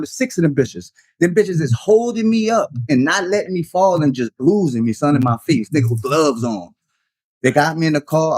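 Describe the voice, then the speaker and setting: A man's voice: on the high side, no echo, studio quality. A man, telling long stories in casual talk and calling people "son" and "dog" as he goes. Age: 30s. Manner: animated storyteller, slangy, says "son" and "dog" often. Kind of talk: casual storytelling.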